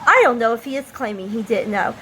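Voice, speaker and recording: A woman's voice: a little high, animated, fairly bright tone, slightly rough, poor audio. A woman from the United States speaking an emphatic, impassioned opinion monologue as a vlogger. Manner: impassioned, emphatic, slow deliberate delivery.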